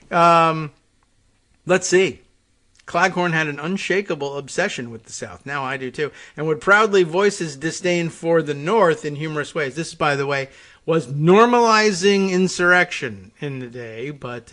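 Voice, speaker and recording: A man's voice: fairly high pitch, fairly bright tone. A man hosting a talk show, casually reading on air and riffing in a wry, rambling way, often chuckling. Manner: rambling, wry, chuckling, many fillers and restarts.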